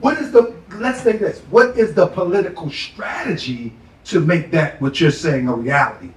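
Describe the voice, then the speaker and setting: A man with a slightly high voice moderates a panel, posing his question slowly and with some hesitation. He is some distance from the microphone, and the room echoes.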